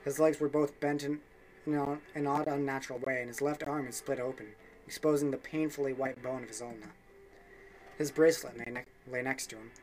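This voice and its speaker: A man's voice: medium pitch, flat delivery, a little fast, slight background noise. A young man reading a game's story text aloud for a let's play, with offhand asides and small slips.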